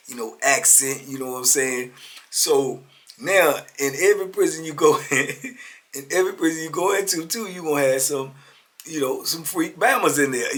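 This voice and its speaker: A man in his fifties telling a personal story in a casual, animated street style, full of slang and asides. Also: medium pitch. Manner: animated, laid-back slang, frequent "you know what I'm saying". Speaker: storyteller guest.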